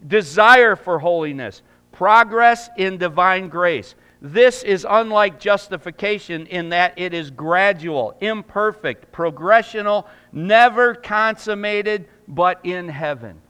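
A man preaching a sermon in a church, emphatic and rising loud, then praying in a hushed voice. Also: high-pitched, slow pace, hardly any pauses, clean tone. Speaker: pastor. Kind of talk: sermon and closing prayer. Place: church sanctuary.

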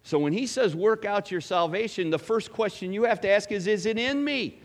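A man's voice: high-pitched, moderate pace. A middle-aged man preaching a sermon in a conversational, folksy way, asking the congregation questions. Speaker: pastor.

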